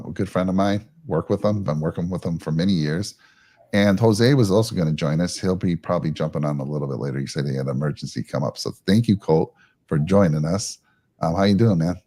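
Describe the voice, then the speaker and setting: A man's voice: low-pitched, dark tone, slightly rough. A man hosting a casual live show, talking in a rambling, friendly way with lots of fillers and restarts. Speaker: podcast host.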